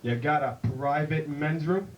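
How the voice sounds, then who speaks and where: A man putting on the slow, drawling voice of a gruff older cowboy movie star, from a distant mic in a noisy club. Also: on the high side, dull audio, lightly acted.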